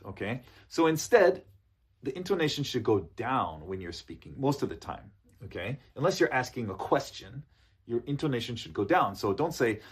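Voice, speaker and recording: A man teaching business in a relaxed spoken lesson, often checking in with "okay?". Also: medium pitch, husky. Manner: relaxed, repeats points, ends with "okay?". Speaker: English coach. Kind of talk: casual spoken lesson to camera.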